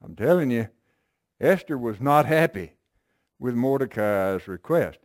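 Lively, emphatic male preacher. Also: medium pitch, unhurried, dry recording, studio quality. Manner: emphatic, conversational, asks listeners "okay?". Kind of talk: sermon with Bible reading.

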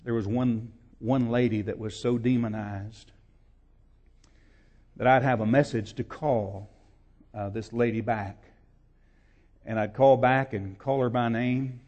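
A man preaching a sermon as pastor, repeating his points and rising from quiet storytelling to loud emphatic preaching. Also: mid-range voice, steady tone, slow pace, pauses often, lo-fi sound. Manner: builds from quiet to shouting, repetitive emphatic preaching.

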